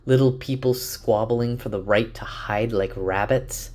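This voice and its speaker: A man voicing a commanding woman sorceress who speaks gravely, like telling an old legend. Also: lowish voice, fairly even intonation, a little slow, a little mellow, lightly acted. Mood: solemn. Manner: grave, storytelling cadence.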